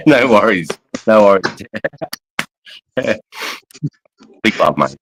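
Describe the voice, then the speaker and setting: He speaks very slowly yet very animatedly, in a fairly low, slightly bright voice. The middle-aged Australian is hosting a casual livestream from his couch at home, cursing and calling everyone mate, on a rough recording with slight background noise.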